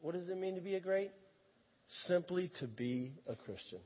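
A man preaching a sermon as an animated storyteller who often breaks into laughter. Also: sits high, normal speed, breathy edge. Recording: echoey hall, dull lo-fi sound.

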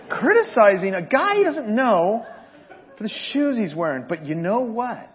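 A man delivers a sermon with a high, bright-edged voice. He tells lively stories and jokes with his congregation. The church recording sounds dull and lo-fi. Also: moderate pace. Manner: animated storytelling, jokes with the congregation. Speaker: pastor.

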